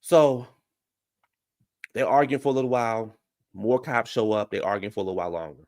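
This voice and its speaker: A man's voice: fairly low pitch, dry recording, clean studio sound. A man hosting a reality-show recap channel, telling a story casually and animatedly to his viewers, calling them "y'all". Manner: animated, chatty, addresses viewers as "y'all" and "baby".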